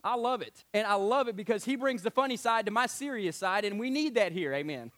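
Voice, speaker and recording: A man preaching a sermon as pastor, swinging between hushed and loud delivery and laughing often as he speaks. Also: high-pitched, animated, fairly quick.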